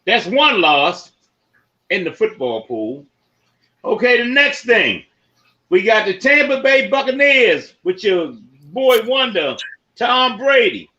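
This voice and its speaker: A man hosting a casual sports podcast, running through football results and giving shout-outs to listeners by name. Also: high voice, very animated, slow, dull audio. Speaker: podcast host.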